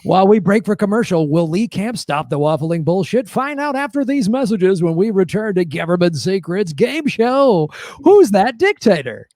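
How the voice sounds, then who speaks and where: A hammy male game show host, as a man puts him on in a high voice, drawing out every word like a broadcast announcer. The sound is dry and close, with no room around it. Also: big pitch swings, a little mellow, no echo. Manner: slow, drawn-out announcer delivery.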